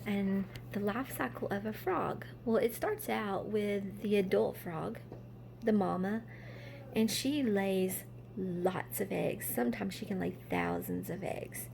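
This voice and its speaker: A woman teaching a kindergarten science lesson, gently asking young children questions and answering them herself. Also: mid-range voice, slow, creaky, slight background noise.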